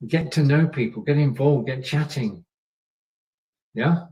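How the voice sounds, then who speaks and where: A man's voice: mid-range voice, unhurried, dark tone, distant mic, lo-fi sound. A man hosting a live show and giving coaching tips in a chatty way. He often repeats his points and checks in with his viewers. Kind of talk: coaching talk on a live stream. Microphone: camera and microphone.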